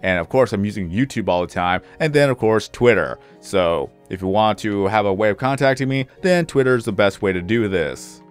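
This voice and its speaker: A man's voice: fairly low pitch, fairly quick, hardly any pauses, clear, resonant tone, soft background music. A young man, a gaming YouTuber, chatting casually over his gameplay, rambling, often correcting himself and repeating phrases.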